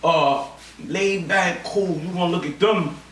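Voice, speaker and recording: A man from Yonkers, New York, talking in an animated, teasing way as an interview guest. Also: sits high, unhurried, slight background noise. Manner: animated, teasing, preachy bursts. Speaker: guest artist. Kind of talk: casual chat. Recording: echoey room, mic far off, faint ambience.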